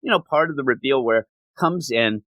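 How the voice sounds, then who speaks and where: Here the comic podcast host talks through a story in a relaxed review, quoting characters as he goes. His mid-range voice has lively intonation, a moderate pace and a fairly bright tone, with no echo.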